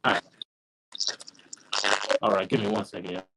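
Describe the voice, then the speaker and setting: A man's voice: lowish voice, steady tone, moderate pace, noisy background. A man teaching a class casually over a live stream, informal and often checking in with his listeners.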